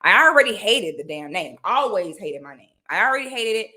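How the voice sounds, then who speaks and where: A woman's voice: medium pitch, sing-song, a little fast, sharp tone. A woman from Florida, talking bluntly and emphatically to her viewers in a casual vlog, often checking in with "okay?". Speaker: commentary vlogger. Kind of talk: casual direct-to-camera talk.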